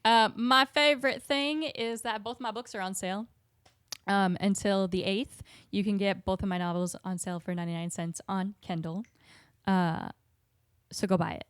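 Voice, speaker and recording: A woman's voice: mid-range voice, fairly even intonation, moderate pace, clear, resonant tone, no echo. Woman, mid-range voice, dry close sound, giggly, scatterbrained podcast host. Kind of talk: casual chat.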